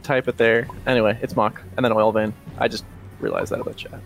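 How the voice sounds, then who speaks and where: A man's voice: fairly low pitch, little pitch movement, fast talker, creaky, faint music behind. A man playing a tabletop game, chatting casually and laughing easily. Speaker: player.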